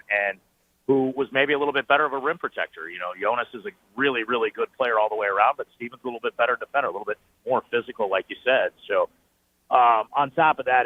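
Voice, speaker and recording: A man with a fairly low voice calls in over a thin, tinny phone line. He is a team broadcaster spinning animated stories on a sports talk show, full of fillers and restarts. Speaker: team play-by-play broadcaster, guest. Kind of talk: sports talk radio interview. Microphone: phoning in.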